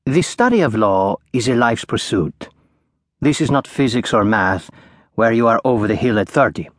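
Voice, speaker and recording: A frail, elderly law professor with a soft, sing-song lilt and a quiet, commanding air, as a man puts him on. He speaks gently and unhurriedly, in a mid-pitched voice. The recording is dry, with no room sound. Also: lively intonation, normal speed, dry recording, natural voice. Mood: musing. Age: older.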